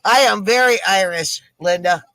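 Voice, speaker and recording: A middle-aged woman, hosting a live stream from home and telling corny jokes slowly, laughing and sighing often, a bit tipsy from drinks. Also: medium pitch, fairly bright tone, no room sound. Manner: slow, corny jokes with frequent laughs and sighs. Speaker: live stream comedy host. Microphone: computer mic for a live stream.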